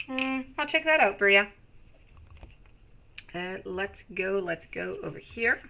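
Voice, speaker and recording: A woman's voice: medium pitch, expressive, slow, vocal fry, lo-fi sound, background noise. A woman giving live tarot readings to viewers, reassuring and calling them sweetie. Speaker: tarot reader.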